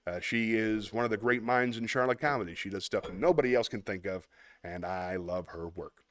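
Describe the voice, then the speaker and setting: A man's voice: fairly low pitch, moderate pace, no echo, clean studio sound. Chatty man hosting a live stream. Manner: chatty, rambling, laughs often, animated bursts. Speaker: host. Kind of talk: casual live-stream chat reading comments.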